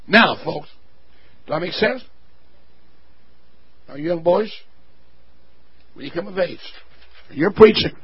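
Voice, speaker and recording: Man, pastor, sermon, high voice, husky, loud swells and soft asides. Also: animated, takes it slowly, pauses often, rough recording. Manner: preaches with sudden loud swells and quiet asides. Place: church.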